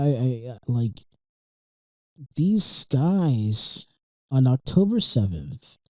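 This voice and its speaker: A man's voice: medium pitch, dark tone, dry recording, low-quality recording. A young man hosting a podcast, talking in a rambling, emotional way with lots of fillers, restarts and swearing. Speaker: podcast host. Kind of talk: casual monologue.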